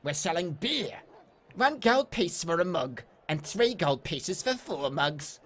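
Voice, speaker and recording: A man voicing a teasing, sweet-talking half-goblin barmaid in a high sing-song voice. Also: sing-song, takes it slowly, a bit bright, a little hiss or hum, full character voice.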